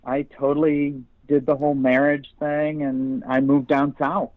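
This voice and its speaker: A woman's voice: low-pitched, little pitch movement, a little slow, no echo. Blunt, profane woman on dull, dry audio. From upstate New York. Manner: blunt and profane, laughs while telling stories. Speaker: interview guest, radio host. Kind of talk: casual interview chat.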